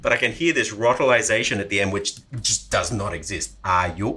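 A man working as a linguist and language coach, quickly and animatedly demonstrating sounds while teaching pronunciation on a podcast. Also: fairly low pitch, background noise.

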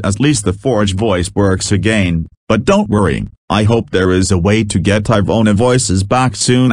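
Low-voiced man giving a casual tutorial. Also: no echo, clean studio sound. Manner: slow, plain, slightly halting. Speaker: channel host.

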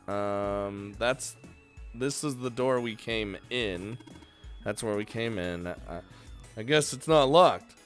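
Speaking slowly in a lowish voice, with soft music in the background, a young let's play gamer reads out the game's text. He tosses in casual jokes, occasionally curses, and laughs between the lines.

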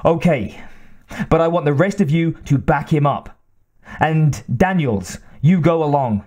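A man voicing a wary, tough woman marine captain who barks shrill orders. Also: animated, a little slow, darkish tone. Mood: commanding.

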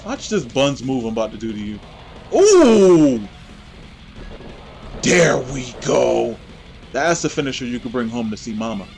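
A man hosting his own gameplay channel, giving excitable, trash-talking play-by-play commentary. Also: medium pitch, fairly quick, creaky, faint music behind.

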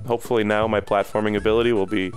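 A man's voice: on the low side, level tone, soft background music. A young adult man giving casual, sarcastic commentary while streaming a video game. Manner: playful, sarcastic, quick asides. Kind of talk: casual let's-play commentary.

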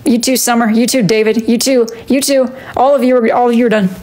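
A woman's voice: a little high, steady tone, fast talker, mellow. A woman chatting casually on a live stream while she draws, scolding her chat and kicking people out. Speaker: wood-burning artist streaming live. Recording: music playing behind the voice.

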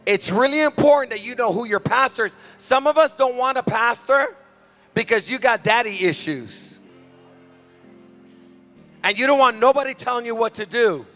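A man preaching a fervent deliverance sermon as pastor at a church service, shouting commands. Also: very high-pitched, expressive, normal speed, soft background music.

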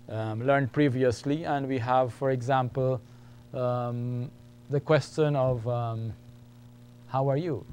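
Guy teaching a class, slow and patient, repeats stuff, bit of hum behind. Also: medium pitch, a little mellow. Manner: patient, repetitive, explains step by step. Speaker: Arabic teacher. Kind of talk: classroom lesson.

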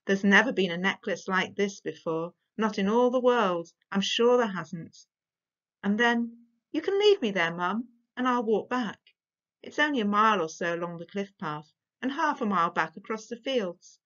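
A stubborn little girl, as a woman reading aloud puts her on, earnest and insistent, her words plain and matter-of-fact. Her mid-pitched voice comes through a dull, lo-fi recording. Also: lively intonation, moderate pace, a bit bright, close to an everyday voice. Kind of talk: storybook reading.

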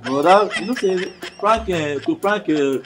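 A man's voice: high-pitched, animated, a little slow, over music. A man with a Nigerian accent playing a friend who earnestly warns against a prank in a comedy skit. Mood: warning. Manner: earnest, warning. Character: cautious male friend giving warnings.

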